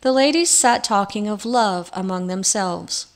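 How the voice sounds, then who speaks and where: A woman narrating a storybook in an expressive, measured way. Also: medium pitch. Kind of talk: storybook reading.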